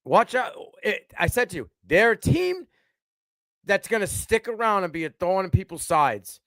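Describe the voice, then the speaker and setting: Man, sports podcast co-host, high lively voice, excitable restarts. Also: moderate pace, dry recording. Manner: animated, trails off and restarts. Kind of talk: casual sports chat.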